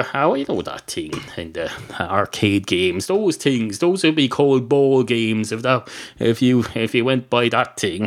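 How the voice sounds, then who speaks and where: Rambling Irish man monologuing. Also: mid-range voice. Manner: rambling, digressive, swears. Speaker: podcast host.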